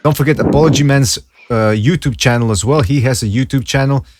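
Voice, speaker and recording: A man's voice: mid-range voice, a little fast, very noisy. A man hosting a casual podcast, laid-back and thanking his guests by name. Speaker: podcast host. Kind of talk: casual chat.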